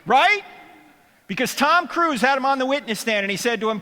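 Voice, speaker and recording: A man's voice: very high voice, a little fast, pushed and bright, in a large hall. A middle-aged man giving a humorous seminary lecture, joking and quizzing his audience. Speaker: apologetics speaker. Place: lecture hall.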